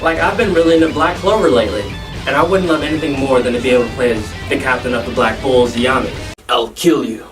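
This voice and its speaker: A man's voice: medium pitch, fast talker. Hyped male gaming host, distant mic. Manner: energetic, jokey, self-mocking asides. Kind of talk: hyped gaming video commentary. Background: background music.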